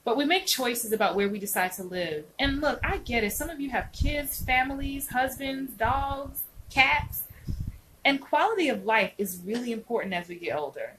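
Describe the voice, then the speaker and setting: A woman's voice: a little high, expressive, moderate pace, a bit bright, a little hiss or hum, rough recording. A woman acting coach hosting a casual live stream, chatting animatedly and answering viewers' comments by name.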